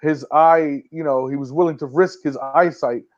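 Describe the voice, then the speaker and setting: Laid-back co-host, dull lo-fi sound. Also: male voice, a little high, steady tone, normal speed. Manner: laid-back, laughs, quotes scenes. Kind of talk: casual movie review chat.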